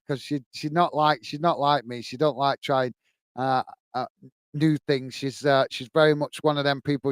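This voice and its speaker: A man's voice: on the high side, clean tone, dry recording. A man hosting a live football watch-along, chatting casually between match commentary and reading viewers' messages, with rambling self-corrections and a friendly "mate" manner.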